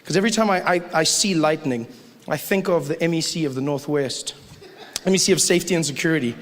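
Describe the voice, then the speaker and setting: A man with a South African accent doing stand-up comedy on a live stage, animated and slipping into acted-out voices of other people. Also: a little high, fast, in a large hall. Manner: animated, loud character voices, acted-out quotes. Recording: live room noise.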